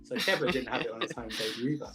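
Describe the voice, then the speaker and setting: A man's voice: mid-range voice, animated, very fast, a bit bright, soft background music. A man co-hosting a live football review, talking in a rambling, playful way with many restarts. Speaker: football podcast co-host. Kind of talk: casual live chat.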